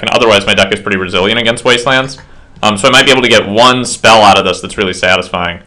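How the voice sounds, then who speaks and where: A man's voice: fairly low pitch, sharp tone. A slightly tipsy man casually commentating his own card game match at home, rambling with self-deprecating asides.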